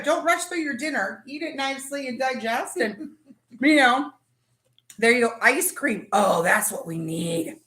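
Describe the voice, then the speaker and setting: Excitable chatty woman, lively pitch. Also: echoey room. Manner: excitable, chatty, gushing about food. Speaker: livestream host. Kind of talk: casual live chat.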